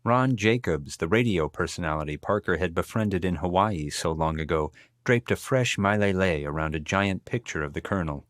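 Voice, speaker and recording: Man, audiobook narrator, very low voice, dry close studio sound, measured storytelling. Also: fairly bright tone, no echo. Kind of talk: scripted narration.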